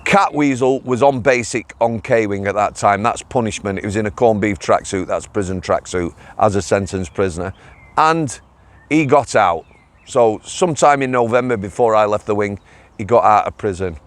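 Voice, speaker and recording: A man's voice: lowish voice, normal speed. A middle-aged man with a Greater Manchester accent, a former prison officer telling blunt, chatty stories on his own channel. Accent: Northern English, Greater Manchester. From England. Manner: blunt, chatty, drops in local dialect words. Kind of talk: casual storytelling vlog.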